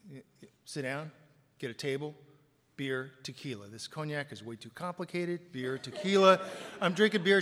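A man telling a self-mocking story to an audience, acting out voices and loud punchlines. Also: mid-range voice, long reverb tail. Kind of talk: recovery storytelling with comic bits.

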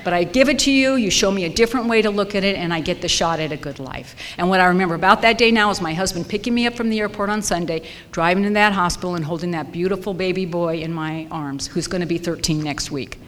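A woman in her fifties from Southern California, sharing a wry, lively personal story with a support group meeting. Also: fairly low pitch, quick pace, few pauses. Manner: lively, wry, acts out her own reactions. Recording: long hall reverb, faint noise.

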